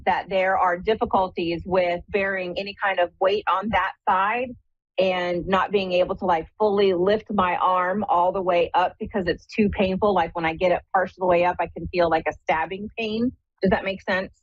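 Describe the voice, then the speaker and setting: Middle-aged Midwestern woman, psychic radio host. Chatty and spiritual, low-ish husky voice, dry muffled lo-fi sound. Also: fairly even intonation, moderate pace, dry recording. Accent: Midwestern American. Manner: chatty, spiritual, laughs often, says "right?". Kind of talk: live call-in psychic radio show.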